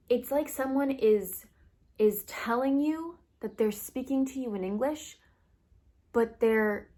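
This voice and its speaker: A woman's voice: on the high side, dark tone. A young woman vlogging about books, ranting casually with lots of fillers and short wry laughs. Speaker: book vlogger. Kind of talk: casual opinion rant.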